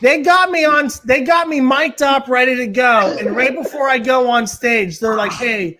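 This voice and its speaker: A man's voice: very high-pitched, moderate pace, background noise. Male comic guesting on a talk podcast, loose rambling delivery, swears freely, lots of filler words. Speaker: podcast guest, stand-up comedian. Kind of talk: casual storytelling chat.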